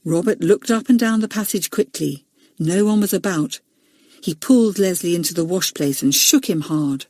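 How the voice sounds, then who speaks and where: A woman narrating a children's audiobook, expressive and voicing each character. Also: on the low side, normal speed, no echo, clean studio sound. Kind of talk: storybook narration.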